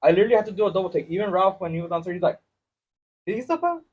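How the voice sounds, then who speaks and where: A man hosting a podcast in casual chat, mixing English and as he tells animated stories. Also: high voice, racing, slightly rough. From Mexico-Texas border region. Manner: switches between English and Spanish, animated storytelling. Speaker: podcast host. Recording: lo-fi podcast recording.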